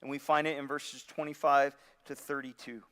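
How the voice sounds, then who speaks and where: Bright-voiced preacher in a reverberant hall. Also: male voice, mid-range voice, moderate pace. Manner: animated storytelling with repeated restarts. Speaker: pastor. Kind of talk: sermon.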